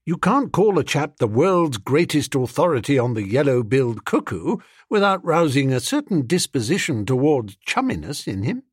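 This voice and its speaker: A man narrating a comic story in an animated, playful way. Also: medium pitch, moderate pace, few pauses, husky, no room sound, studio quality. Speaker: audiobook narrator. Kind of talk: scripted narration.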